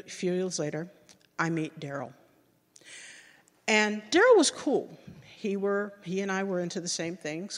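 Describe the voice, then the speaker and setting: A middle-aged woman telling a personal story to an audience, animated and acting out the voices of people she remembers. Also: big-room sound. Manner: animated, acts out remembered voices with big jumps in pitch.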